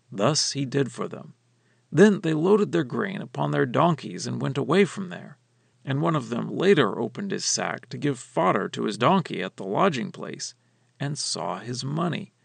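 Man reading and explaining scripture, super gravelly voice, lots of pitch movement. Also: no room sound. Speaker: Bible teacher.

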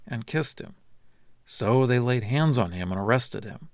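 A man narrating a scripture reading in a steady, measured way. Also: mid-range voice, creaky, dry recording, clean studio sound. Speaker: scripture reader.

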